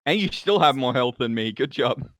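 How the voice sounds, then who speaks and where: A mid-pitched man who makes wry, self-mocking remarks during a tabletop session. His voice is dry and close, with no room sound. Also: lively intonation, normal speed, fairly bright tone, dry recording. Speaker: player. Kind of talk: casual tabletop game chat.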